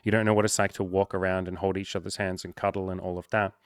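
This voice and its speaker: A young coach and content creator talks candidly and emotionally to camera, nearly in tears and swearing freely. He has a deep voice with a level tone and speaks fast, and the sound is clean with no echo.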